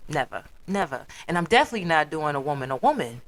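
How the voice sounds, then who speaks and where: A woman's voice: deep voice, quick pace, few pauses. Blunt, profane Chicago woman ranting. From South Side of Chicago. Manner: profane, blunt, animated storytelling with put-on quotes. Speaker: podcast host. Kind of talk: casual solo rant.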